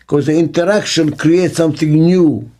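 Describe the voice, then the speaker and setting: An older man giving an interview as a business consultant, speaking slowly and emphatically and repeating key words for stress. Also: a little high, fairly even intonation, mellow. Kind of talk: reflective interview monologue. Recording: faint music underneath.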